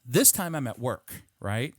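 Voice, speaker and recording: A man's voice: mid-range voice, unhurried, no echo. A middle-aged man hosting a podcast, telling stories animatedly and swearing freely. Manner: animated, profane, acts out quotes. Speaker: podcast host. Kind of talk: casual storytelling chat.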